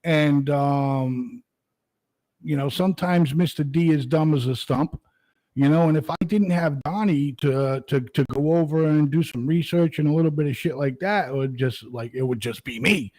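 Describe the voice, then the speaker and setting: A man's voice: fairly high pitch, moderate pace, darkish tone, dry recording, low-quality recording. A man hosting a morning show, rambling in a casual, profane monologue full of fillers.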